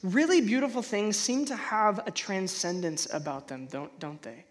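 Animated conversational male preacher. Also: high voice, moderate pace. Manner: animated, conversational, frequent restarts and stammers; acts out feelings in sudden loud bursts. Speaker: pastor. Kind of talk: sermon.

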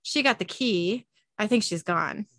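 A woman reads out a gruff grown man who hunts monsters, blunt and quick with his retorts. Her voice sits at a middling pitch, recorded close and dry. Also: expressive, a bit bright, no room sound.

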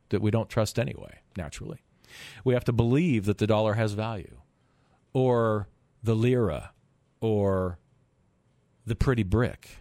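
A man's voice: fairly low pitch, vocal fry, a little mellow, no room sound. A middle-aged man hosting a finance radio show in a studio, talking emphatically with rhetorical questions and stumbling repeats. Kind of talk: call-in radio talk monologue.

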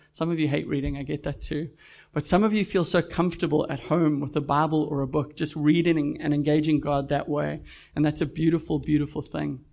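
Gravelly man preaching a sermon. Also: on the high side, darkish tone. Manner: earnest, direct questions to the congregation. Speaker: pastor. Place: church.

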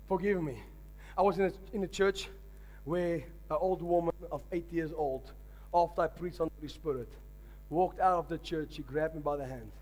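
A man's voice: a little high, normal speed, few pauses, darkish tone. A man preaching a sermon, telling stories with emphatic delivery. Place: large church hall. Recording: long hall reverb with faint music.

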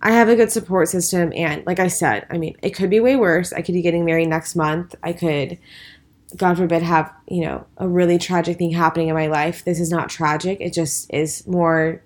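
A woman's voice: lowish voice, fairly even intonation, moderate pace. A tired, stressed woman co-hosting a casual podcast, talking in a rambling, hesitant way with lots of fillers. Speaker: podcast co-host. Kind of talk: casual chat.

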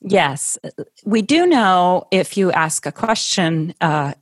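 A middle-aged woman from Ohio speaks in a slightly low, thoughtful voice as a conversational interview guest. She pauses and restarts now and then, laughing lightly. The sound is close and dry, with no room echo. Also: very animated. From Ohio, USA.

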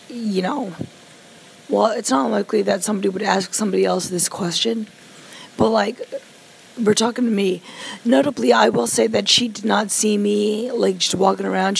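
A woman's voice: mid-range voice, vocal fry, husky, low-quality recording. A woman who survived a stroke, casually telling a personal story with many asides and fillers.

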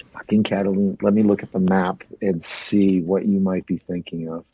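A man's voice: sits low, fairly even intonation, moderate pace, a little mellow, husky, no echo, highs cut off. A man chatting casually about a trip, rambling and swearing with many restarts. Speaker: traveler recounting a trip. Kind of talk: casual chat.

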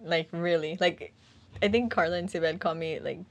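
A woman's voice: on the low side, moderate pace. Sarcastic laughing American woman host. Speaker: podcast host. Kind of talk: casual podcast chat.

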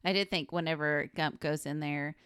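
A woman's voice: sits low, steady tone, normal speed, a bit bright, clear, resonant tone, dry recording, clean studio sound. A woman co-hosting a podcast, chatting about a film with wry side comments. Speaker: podcast co-host. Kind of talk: casual movie recap chat.

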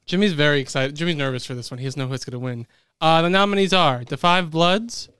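Fast-talking, smooth-voiced male podcast host. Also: on the high side, dry recording, studio quality. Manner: fast, animated, announces nominees. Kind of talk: casual podcast chat.

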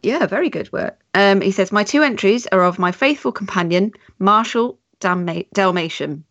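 A woman's voice: mid-range voice, lively intonation, normal speed, a bit bright, no echo, lo-fi sound. Giggly woman podcast co-host reading emails. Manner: giggly, reads emails with amused asides. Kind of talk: casual podcast chat and reading aloud.

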